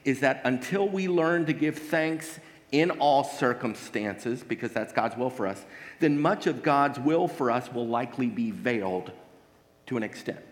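A man's voice: mid-range voice, a little slow. A man preaching a sermon as pastor, earnest and emphatic, asking the congregation rhetorical questions. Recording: long hall reverb.

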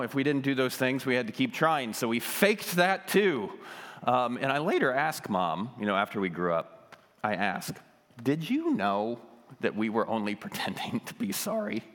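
A man's voice: mid-range voice, very animated, moderate pace, fairly bright tone, in a large hall. A man giving a conversational sermon, telling a childhood story with lots of ums and self-deprecating humor.

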